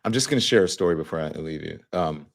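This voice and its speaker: A man in his fifties with a very low, deep voice hosts his show and talks straight to his viewers. He tells a story at an easygoing pace, with loose phrasing and plenty of filler words. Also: fast talker. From Louisiana, US. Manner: relaxed storytelling, conversational, many fillers. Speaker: show host. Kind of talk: casual monologue to viewers.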